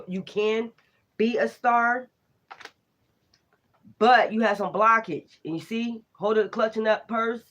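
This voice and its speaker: Tarot reader doing a casual reading, laughs a lot, cusses constantly, super animated. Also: medium pitch, highs cut off. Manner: animated, profane slang, laughs often.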